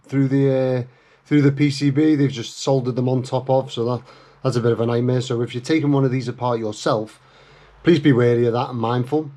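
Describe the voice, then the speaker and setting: A man talks through a guitar pedal modification as a relaxed workshop tutorial. He is chatty and self-deprecating, and often pauses on fillers and restarts his sentences. His voice sits at an ordinary middle pitch.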